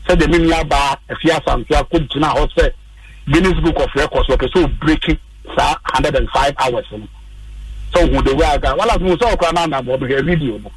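Radio sports pundit, Ghanaian man, husky and higher-pitched, rallying listeners, a bit off-mic in a dry studio. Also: fairly quick, no room sound, recorded from a distance, rough recording. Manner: passionate, rallying and urging. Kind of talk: opinionated radio commentary.

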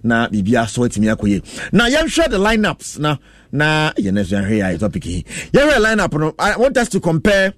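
A man hosting a radio sports talk show with a Ghanaian accent. He switches between Twi and English and reads out listener messages in a lively way. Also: on the high side, moderate pace, no echo. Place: radio studio.

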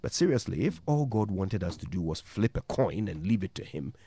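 Animated Ghanaian man, motivational radio talk. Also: deep voice, fairly quick, a little hiss or hum. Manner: storytelling with rhetorical questions. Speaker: radio morning show host.

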